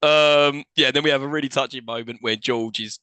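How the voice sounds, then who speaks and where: A man co-hosting a podcast, chatting quickly and laughing as he recaps a film. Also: medium pitch, fairly even intonation, pushed and bright, clean tone, no room sound. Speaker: podcast co-host. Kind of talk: casual chat recapping a film.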